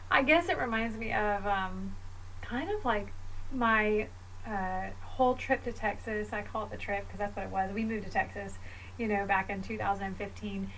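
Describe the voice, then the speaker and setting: A woman's voice: mid-range voice, moderate pace, fairly bright tone. A woman co-hosting a faith podcast, telling a personal story in a casual way with fillers. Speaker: podcast co-host. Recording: slightly distant mic with faint noise.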